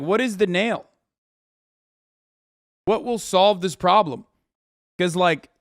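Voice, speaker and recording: A man streaming, commenting heatedly on clips in profane casual talk that rises into shouting rants. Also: high-pitched, dry recording, studio quality.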